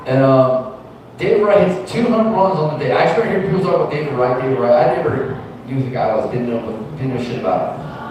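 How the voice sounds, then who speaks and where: A man's voice: a little high, a little mellow. A young man from Virginia Beach telling a profane, rambling stand-up story at an open mic, often breaking off and restarting. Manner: profane, rambling, self-interrupting. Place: comedy club stage. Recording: very echoey room, mic far off, faint noise.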